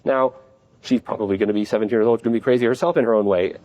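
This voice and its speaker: A man's voice: fairly low pitch, fairly even intonation, racing, dull audio. A man giving a conference lecture as a psychiatrist. He speaks in a conversational way and acts out examples as he explains. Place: conference at a hotel.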